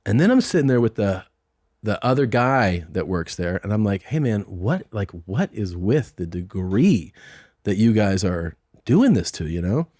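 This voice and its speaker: A man's voice: on the low side, big pitch swings, moderate pace, darkish tone, dry recording, clean studio sound. Laid-back man telling a long anecdote. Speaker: podcast host and comedian. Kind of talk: casual chat, storytelling. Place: podcast studio. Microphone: studio microphone.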